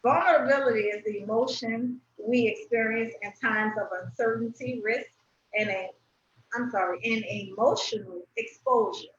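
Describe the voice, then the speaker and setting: A woman hosting a podcast, asking probing questions in a playful, expressive way. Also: a little high, moderate pace. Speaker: podcast host. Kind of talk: casual conversation. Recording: roomy, distant, dull sound.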